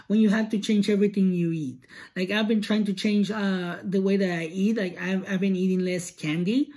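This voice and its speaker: A woman's voice: mid-range voice, mellow. A woman hosting a podcast, talking through an earnest, encouraging monologue in a loose, casual way with frequent restarts. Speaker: podcast host.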